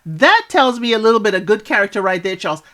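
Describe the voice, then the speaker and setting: A woman's voice: mid-range voice, sing-song, quick pace, fairly bright tone. A woman giving a casual spoken recap of a reality show, chatty and sassy, talking back to the people on screen with lots of asides.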